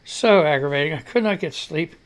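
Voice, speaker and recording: A man's voice: fairly high pitch, lively intonation, fairly quick. A man hosting a live radio show, telling a rambling story in casual chat with fillers and mild cursing.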